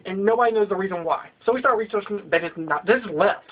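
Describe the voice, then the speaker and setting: A young man with a notably high voice rants at the camera, swearing freely and piling on exaggerated jabs. The sound is dull and lo-fi, like cheap home video audio. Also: very fast, hardly any pauses, a little hiss or hum. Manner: profane, ranting, exaggerated. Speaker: vlogger. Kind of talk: comedic rant vlog.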